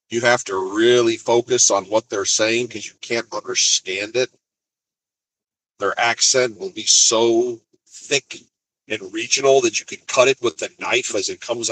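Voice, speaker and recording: A man's voice: medium pitch, a little slow, a bit bright, slightly rough, rough recording. A man from Colorado who drives a truck, telling rambling stories in a chatty, casual vlog and laughing easily. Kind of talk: casual storytelling.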